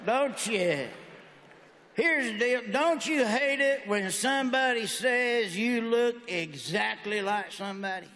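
A man's voice: extremely high pitch, a little slow, hardly any pauses, bright, forceful tone, slight background noise. A man performing a stand-up comedy routine, telling folksy stories with brash, punchy one-liners. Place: stage in a large venue. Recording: echoey hall with faint ambience.

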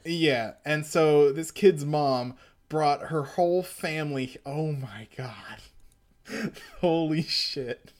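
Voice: mid-range voice, takes it slowly. A podcast host casually recapping and reading a comic aloud, laughing and swearing freely. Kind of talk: casual chat and read-aloud.

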